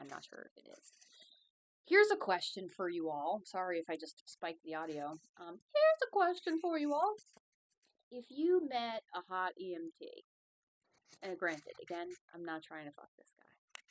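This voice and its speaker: A woman's voice: lowish voice, low-quality recording. A young woman hosting a podcast, telling a long story in a rambling, profane, self-mocking way. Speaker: podcast host. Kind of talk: casual solo podcast storytelling.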